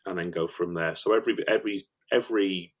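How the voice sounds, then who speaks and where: A man talks in a very low voice as an interview guest. He explains his work in detail and often repeats a word before moving on. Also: quick pace. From northern England. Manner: explanatory, repeats words as he goes. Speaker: video production company founder, guest. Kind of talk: conversational interview.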